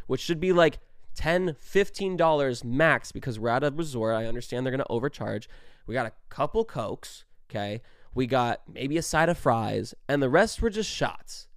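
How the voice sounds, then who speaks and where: A young man in his twenties telling a story in a casual, animated way, swearing often and stressing his words. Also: a little high, normal speed, no echo, studio quality. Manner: animated, profane, emphatic storytelling.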